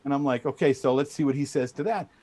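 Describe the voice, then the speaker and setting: A middle-aged man telling a story as a guest in a casual chat, animated and full of restarts. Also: medium pitch, fast. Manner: animated, trash-talking storyteller with many restarts. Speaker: guest speaker.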